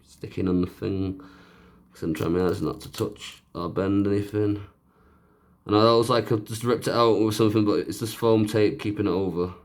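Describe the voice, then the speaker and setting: A man with a fairly low voice talks a viewer through fixing a handheld console. He keeps up a loose, joking commentary full of self-mocking asides as he works. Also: fairly even intonation, moderate pace. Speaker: repair video host. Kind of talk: casual narrated repair tutorial.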